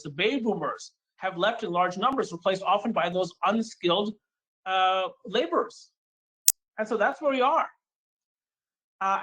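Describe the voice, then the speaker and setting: A higher-pitched man delivers an economic forecast at a conference, moving through slides one by one. He talks with brisk emphasis and punches key words. Now and then he slips into a mock voice to play out the audience's questions. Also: fairly bright tone, low-quality recording. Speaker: economist giving a keynote forecast. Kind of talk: conference presentation walking through charts.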